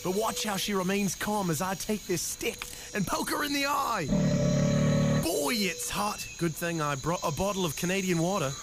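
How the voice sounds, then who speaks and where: A man's voice: sits high, expressive, normal speed, loud music behind the voice, low-quality recording. An actor playing a reckless, showy male wildlife adventurer in a radio ad, with an Australian accent. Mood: boisterous. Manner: boisterous, showy, swoops between tones. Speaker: ad character. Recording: swamp ambience sound effects.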